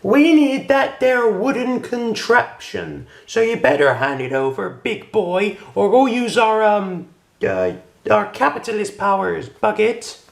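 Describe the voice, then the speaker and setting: Man doing a high, raspy, bossy zombie plush, blustery and fussy, homemade puppet video. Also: lively intonation, measured pace, faint music behind, full character voice. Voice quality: high, gravelly toy voice. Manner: blustering, stumbling threats. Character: squeaky male zombie toy, fussy and bossy.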